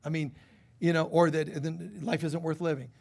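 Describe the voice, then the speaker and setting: A man giving a lively spiritual sermon at a church service, often acting out quoted voices. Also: fairly high pitch, normal speed, gravelly. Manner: animated, acts out quoted voices. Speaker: spiritual teacher. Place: church hall.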